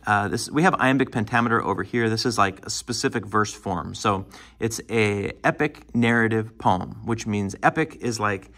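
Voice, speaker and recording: A man with a low, gravelly voice gives a classroom lecture on poetry. He talks loosely and stops often, with plenty of fillers and restarts as he gathers his thoughts. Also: moderate pace, a bit bright. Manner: hesitant, many fillers and restarts. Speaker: teacher.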